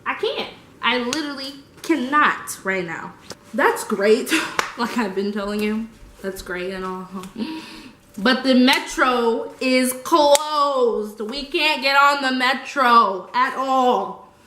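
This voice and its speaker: A young woman telling a story casually, animated and slangy, laughing often. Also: sits high, takes it slowly, echoey room, a little hiss or hum. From United States. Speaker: vlogger.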